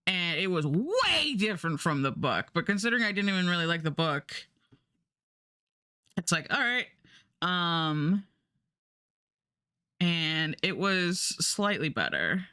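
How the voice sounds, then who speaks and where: A woman's voice: on the low side, expressive, slow, long pauses, pushed and bright, clear, resonant tone, dry recording, clean studio sound. A woman streamer chatting casually and rambling, with many fillers and restarts. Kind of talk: casual livestream chat.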